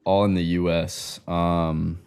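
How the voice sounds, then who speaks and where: A young man from California chatting casually as co-host, slangy and animated, with a lot of "bro" and "like". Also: deep voice, slow pace, clear, resonant tone, faint music behind. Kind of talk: casual chat.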